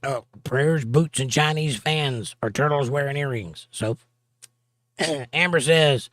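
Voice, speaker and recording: A man's voice: medium pitch, slow pace, no echo, studio quality. A man hosting a livestream, casually reading viewer comments aloud and chatting back to them. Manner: reads viewer comments aloud in a steady conversational drawl. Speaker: livestream host reading chat. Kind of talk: casual chat.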